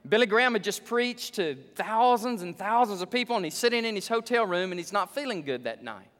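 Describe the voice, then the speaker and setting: A male pastor preaching a sermon, his voice surging up for emphasis and dropping low. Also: lively intonation, a little fast, fairly bright tone. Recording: long hall reverb.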